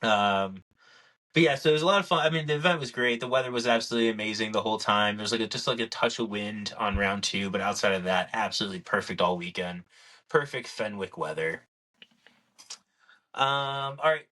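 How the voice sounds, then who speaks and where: A bright-voiced man co-hosts a casual podcast chat, telling stories animatedly and acting out quotes. His voice is lowish and a little fast.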